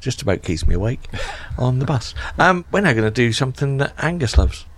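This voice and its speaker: A man's voice: mid-range voice, sing-song, fairly quick. A male radio host joking around in casual studio banter, rambling and self-mocking.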